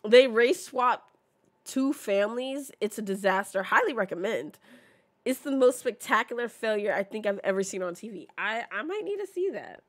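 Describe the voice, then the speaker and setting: A woman's voice: on the high side, animated, normal speed. A woman streamer chatting casually while playing and reading signs aloud, often stumbling and restarting mid-sentence.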